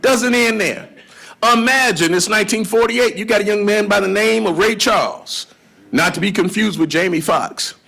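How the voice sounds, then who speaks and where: A man's voice: sits high, moderate pace, gravelly, sharp tone, a little hiss or hum. A man lecturing as a blues historian and guitarist to a live audience, telling stories in a folksy manner and breaking into song. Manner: folksy storyteller, drawls into song. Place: live event before an audience. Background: guitar playing.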